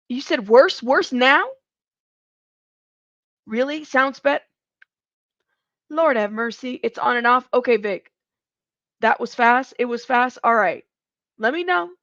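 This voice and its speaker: Chatty high-voiced woman livestreamer. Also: vocal fry, no echo. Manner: chatty, animated, laughs between lines. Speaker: livestream host. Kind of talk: live true-crime commentary stream. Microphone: home streaming mic. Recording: dull lo-fi stream mic audio.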